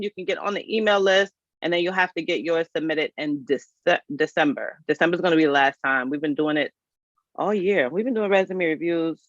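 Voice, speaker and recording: A woman's voice: lowish voice, no room sound. A woman coaching people through resumes on a livestream. She talks in a folksy, chatty way, straight to her viewers. Her computer mic gives a dry, slightly dull sound. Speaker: HR career coach hosting a live resume review. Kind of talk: casual livestream chat.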